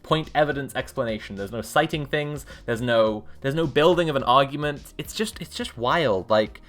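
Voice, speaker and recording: A woman's voice: a bass voice, normal speed, faint music behind. A woman live-streaming, reading a book aloud and breaking off into sarcastic, rambling commentary. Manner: sarcastic, rambling asides between read passages.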